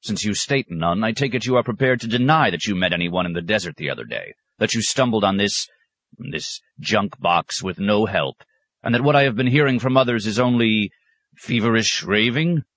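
A man playing a stern sarcastic abbot, deep low voice, cutting, dry close sound. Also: animated, moderate pace, a bit bright, no room sound. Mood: scornful. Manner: mocking, cutting, sometimes roaring.

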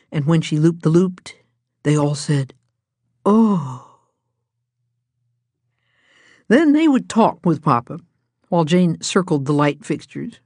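Woman narrating a children's storybook, low voice, gentle and even, dry close recording. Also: no echo. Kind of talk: storybook reading aloud.

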